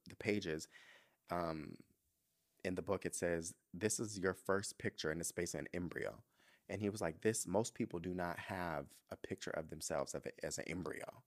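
A young man hosting a podcast, talking candidly and emotionally in a casual chat, swearing freely. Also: sits low. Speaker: podcast host.

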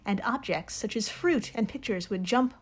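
A woman's voice: medium pitch, normal speed, husky. A woman co-hosting a podcast who leads the story, narrating with playful dramatic flair. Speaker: podcast co-host.

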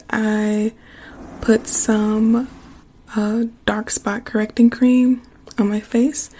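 A young woman with a slightly hoarse voice, chatting softly and affectionately to her stream viewers. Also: mid-range voice, slight background noise. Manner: warm, affectionate, chatty with fillers. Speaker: ASMR streamer. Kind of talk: casual soft-spoken chat to viewers.

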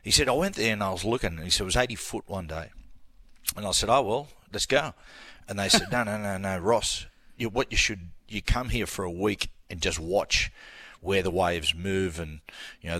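A middle-aged Australian man co-hosting casual sports radio, telling animated stories and acting out the people he quotes. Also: deep voice, brisk, no room sound. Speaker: radio co-host.

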